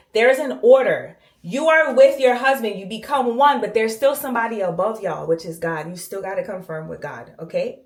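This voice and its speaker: Emphatic woman vlogging in an echoey bathroom. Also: medium pitch. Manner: emphatic, talks straight to viewers with frequent "okay?". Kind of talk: casual storytime while cleaning.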